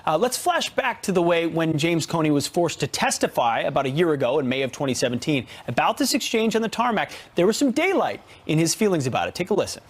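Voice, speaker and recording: A man's voice: on the high side, sing-song, fast talker, hardly any pauses. A man co-hosting a morning news show, giving assertive commentary in studio chat.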